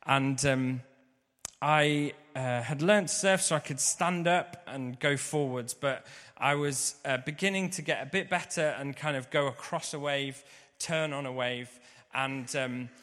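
A man telling a personal story vividly, swinging between loud bursts and hushed moments. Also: medium pitch. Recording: long reverb of a large hall.

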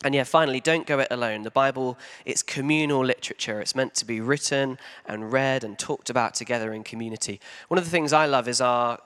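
A man preaches to his church in an easy, conversational way, filling pauses with ums. His pitch sits in a middle range for a man. He pushes key lines up with animated emphasis. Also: clean tone. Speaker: pastor. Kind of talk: sermon.

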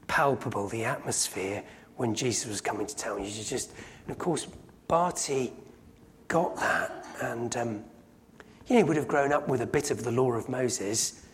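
A man preaching a sermon, telling a story in a conversational way and often slowing down to emphasize lines. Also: mid-range voice, slight background noise. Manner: conversational storytelling with sudden loud acted cries.

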